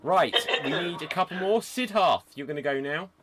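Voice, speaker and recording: A man's voice: fairly high pitch, animated, a crowd in the background. Chuckling man hosting a live improv stream. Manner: brisk, chuckling, jokey hosting. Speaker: improv show host. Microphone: video call.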